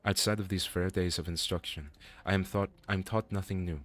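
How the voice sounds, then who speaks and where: A humble young sword pupil, formal and wistful, voiced by a man with a put-on French accent. He reads the game dialogue aloud in stately, old-fashioned phrasing. The voice sits very low. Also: fairly even intonation, brisk, a bit bright. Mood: solemn.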